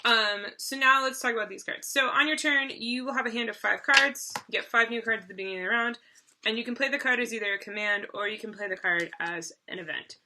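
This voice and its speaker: A woman's voice: on the high side, quick pace, bright, forceful tone, a little hiss or hum. A woman co-hosting a board game video, casually explaining the rules with lots of fillers and restarts. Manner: chatty, loose with fillers and restarts.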